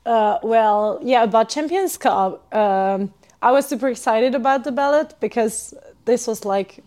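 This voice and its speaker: A young woman from Hungary, a podcast guest telling stories in casual chat, animated and full of fillers. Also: on the high side, a little slow. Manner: animated storyteller, many fillers and laughs.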